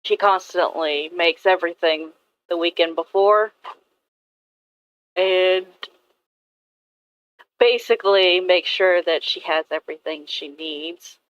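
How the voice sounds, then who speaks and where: A woman's voice: lowish voice, slow pace, long pauses, fairly bright tone, clear, resonant tone, no room sound, lo-fi sound. A woman artist chatting casually and rambling about her characters, swearing now and then. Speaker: artist vlogger. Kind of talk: casual chat while drawing.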